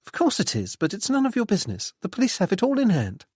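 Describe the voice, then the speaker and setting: A man's voice: sits high, wildly swooping pitch, quick pace, a little mellow, husky, no echo, clean studio sound, voice pushed up, exaggerated voice. A man voicing a guarded young woman in an audiobook, raising his voice in clipped, defensive lines.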